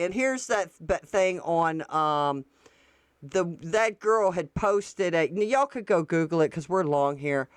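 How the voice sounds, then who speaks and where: A woman's voice: medium pitch, expressive, normal speed, fairly bright tone, dry recording. A woman, doing casual political commentary and reacting to posts on screen in a blunt, profane way.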